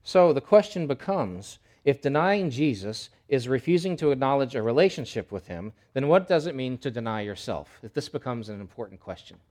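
Animated, conversational male preacher. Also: mid-range voice, a little fast, hardly any pauses. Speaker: pastor. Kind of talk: sermon.

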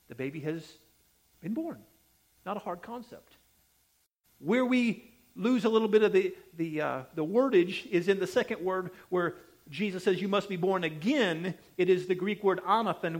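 A high-voiced male pastor preaches emphatically and repetitively, swinging sharply between loud and soft delivery.

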